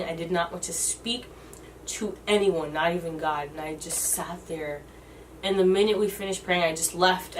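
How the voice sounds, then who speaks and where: A woman in her twenties telling a personal story in a halting, emotional way, often restarting her sentences. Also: fairly low pitch, recorded from a distance, slight background noise. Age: 20s. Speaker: vlogger.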